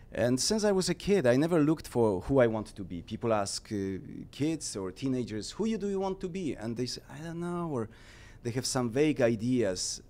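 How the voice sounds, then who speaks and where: A man from Poland, a talk show guest telling his story in a calm, reflective way. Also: on the low side. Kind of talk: casual interview.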